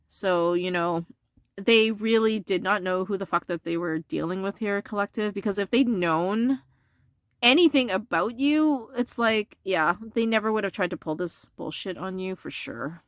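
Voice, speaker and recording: A sassy woman reads tarot in a loose, chatty monologue. She talks bluntly, swears often and leans on fillers. Her voice leaps higher when she's indignant, and the recording is dry and close. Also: dry recording. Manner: animated jumps into a higher pitch when indignant. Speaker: tarot reader. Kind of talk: casual tarot reading monologue.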